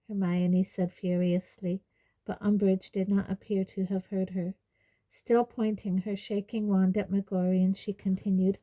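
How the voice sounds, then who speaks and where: A woman reading a fantasy novel aloud in a measured audiobook narration. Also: medium pitch, little pitch movement, mellow, rough recording. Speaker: reader.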